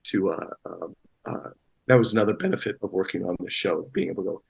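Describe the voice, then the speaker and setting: A man's voice: low voice, fast, creaky, breathy edge, rough recording. A man talking as a guest actor in a casual interview, rambling with many restarts and fillers.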